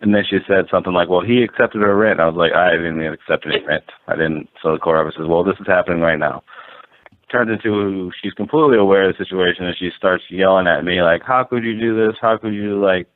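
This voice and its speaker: A man's voice: low voice, fast. A man, a landlord guest, telling a story casually and rambling, full of "like" and acted-out quotes. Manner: rambling, animated, lots of "like" and quoted dialogue. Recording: tinny phone-like line.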